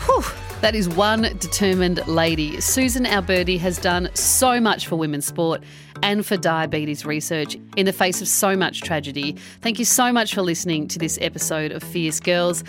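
A woman hosting and narrating a story podcast with expressive delivery. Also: fairly low pitch, normal speed. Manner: expressive, rising with excitement. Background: background music.

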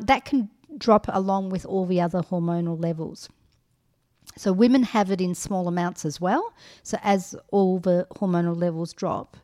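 Middle-aged woman, podcast co-host, frank, casual chat, average pitch, fillers and restarts. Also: darkish tone. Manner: frank, many ums and restarts.

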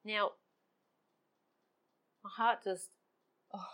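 A woman's voice: medium pitch, steady tone, very slow, fairly bright tone. A middle-aged woman, talking in a personal reflective monologue, emotional and open-hearted, with frequent laughs. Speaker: vlogger.

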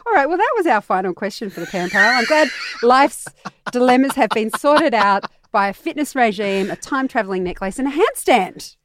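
A woman's voice: a little high, expressive, a little fast, slight background noise. A woman with an Australian accent hosting a casual podcast chat, laughing often and joking. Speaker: podcast host.

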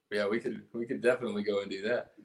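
A man's voice: fairly low pitch, fairly even intonation, brisk. A man from California with a Southern drawl, a punk band guitarist rambling and laughing in a casual podcast chat. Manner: rambling, profane, laughs often.

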